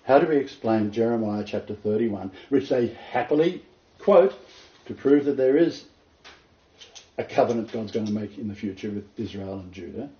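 A man's voice: fairly low pitch, animated, moderate pace. A man preaching a sermon, reading scripture aloud and stressing his key points with repetition. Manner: emphatic, repeats key points. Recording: roomy, dull lo-fi recording.

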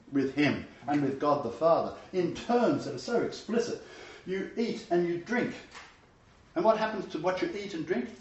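A man's voice: high voice, darkish tone. A man teaching a Bible study, moving between earnest scripture reading and loose, emphatic commentary. He sits some way from the mic, so the room rings around him. The sound is muffled and dull. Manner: emphatic, conversational asides. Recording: roomy, distant, dull sound.

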